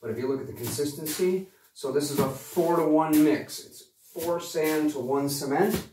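A man's voice: fairly high pitch, normal speed, distant mic. Dry-joking man in an echoey room. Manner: dry joking, explains step by step. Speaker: vlogger doing renovation work. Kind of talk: casual explaining. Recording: echoey room, off-mic with noise.

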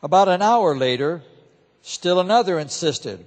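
A man narrating a scripture reading in a steady, solemn way, in a large church. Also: a little high, measured pace. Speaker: reader. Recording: echoey church hall.

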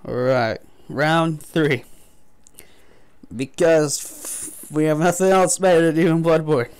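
A man's voice: on the high side, steady tone, slow pace, clean tone. A man giving frustrated, profane trash-talking commentary while playing a game. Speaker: gaming video host. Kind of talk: gameplay commentary.

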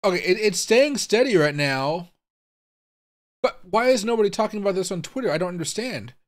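A young man hosts a crypto live stream in a high-sitting, expressive, brisk voice. He thinks aloud in bafflement, swearing and talking straight to his viewers as he clicks around, in casual live-streamed commentary.

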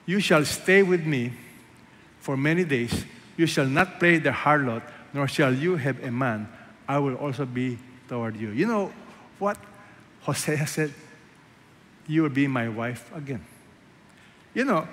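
A man preaching a sermon as a pastor, asking the congregation rhetorical questions and swinging between loud emphasis and hushed asides. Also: medium pitch, slow pace, pauses often, slight background noise. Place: large church hall. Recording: echoey church hall, faint ambience.

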